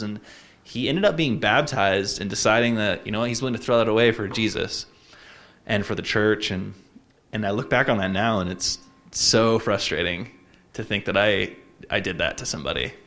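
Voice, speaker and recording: His voice is fairly low in pitch yet fairly bright. He's in his twenties, from Utah, and recounts something personal in a relaxed, thoughtful way, frequently stalling on fillers and starting over.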